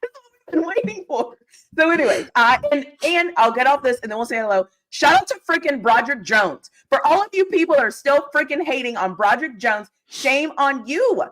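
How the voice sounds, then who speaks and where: Excited, ranting woman with a lively voice. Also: sits high, brisk. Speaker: guest co-host. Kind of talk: live stream sports chat.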